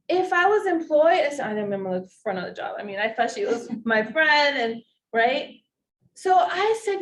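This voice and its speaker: A woman with a non-native English accent telling a personal story in a talk, animated and emotional. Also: sits high, moderate pace. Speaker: social work presenter. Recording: distant mic, faint hiss.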